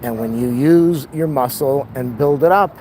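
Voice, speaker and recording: A man's voice: mid-range voice, unhurried, darkish tone, a little hiss or hum, low-quality recording. A man talking in a rambling, wry and blunt way while walking outdoors, speaking to a handheld camera. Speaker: vlogger. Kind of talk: casual walking vlog monologue. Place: outdoors on city streets and lawns. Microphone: camera held while walking.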